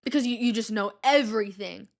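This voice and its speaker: A woman's voice: on the high side, creaky. A woman mimicking a mean scolding schoolteacher. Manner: rapid, badgering questions. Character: mean, scolding female grade-school staff member.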